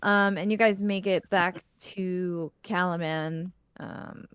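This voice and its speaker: A woman's voice: on the low side, fairly even intonation, slow pace, smooth. A woman runs a tabletop game in loose, chatty narration. She uses plenty of fillers and restarts. The sound is dry, with no room echo. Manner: casual, rambling, full of fillers and "like". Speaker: game master.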